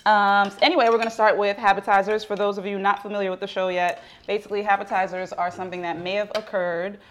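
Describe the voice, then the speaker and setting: A woman hosts a loose dinner-table show. She talks in a lively, slangy way and laughs easily, at a middle pitch. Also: fast talker, a little hiss or hum. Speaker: podcast host. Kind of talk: casual chat over dinner.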